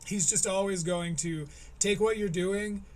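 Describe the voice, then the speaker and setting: Male stream host, high voice, sarcastic play-by-play commentary with plenty of swearing. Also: fairly even intonation, a little slow, a little mellow. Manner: sarcastic, profane, mocking. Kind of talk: live-stream commentary on a clip.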